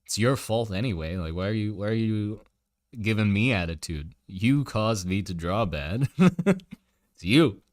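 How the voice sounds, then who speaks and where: A man's voice: fairly low pitch, normal speed, dry recording, studio quality. A man in his twenties, originally from Germany, speaking with an American accent, chatting and joking casually with his stream chat as a streamer. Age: 20s. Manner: joking, teasing banter with chat.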